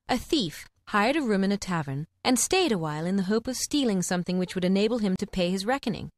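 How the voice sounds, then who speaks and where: A woman narrating an audiobook of fables with clear, expressive storytelling. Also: mid-range voice, dry recording, clean studio sound.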